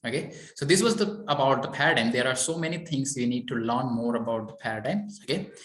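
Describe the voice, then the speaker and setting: A man's voice: mid-range voice, quick pace, roomy sound. A man coaching a client on mindset, talking in a repetitive, encouraging way with many "okay"s. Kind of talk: coaching session.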